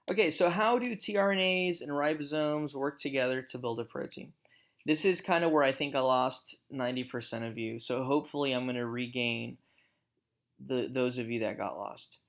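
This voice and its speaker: A man's voice: medium pitch, fairly bright tone. A man, a professor, giving a recorded lecture over slides and explaining step by step, with small self-corrections.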